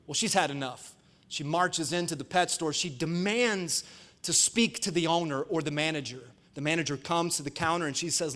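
Male pastor, high-pitched voice, emphatic sermon delivery with playful storytelling, live church service. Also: normal speed, fairly bright tone.

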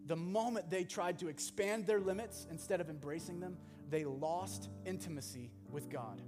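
A male pastor preaching a sermon, animated, swinging from loud bursts to hushed asides. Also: a little high. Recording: long hall reverb with music behind.

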